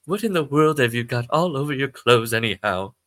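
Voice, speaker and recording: Stern British mother, scolding, man puts her on; bright, forceful edge. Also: mid-range voice, animated, brisk, dry recording, studio quality, voice pushed up, close to an everyday voice. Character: stern disapproving mother, woman.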